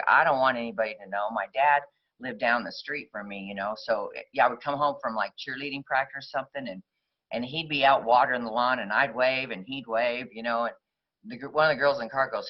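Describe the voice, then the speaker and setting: Woman telling her recovery story, muffled. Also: very deep voice. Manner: rambling conversational storytelling, frequent fillers. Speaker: speaker at a recovery meeting.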